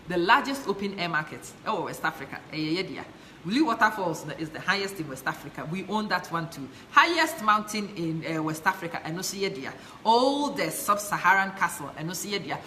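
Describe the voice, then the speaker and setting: A woman's voice: lowish voice, animated, fairly quick, sharp tone, a little hiss or hum. A woman from Ghana with a Ghanaian accent, passionately hosting a live stream, chatting and reading out viewer comments while mixing English and Twi. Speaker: live show host.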